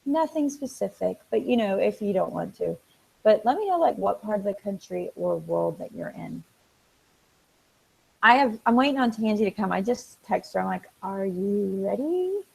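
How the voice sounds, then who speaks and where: Chatty woman with a gravelly fry. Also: mid-range voice, normal speed, low-quality recording. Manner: chatty, reads out viewer comments; excitable, frequent ums and restarts. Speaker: livestream host. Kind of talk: casual live-stream chat.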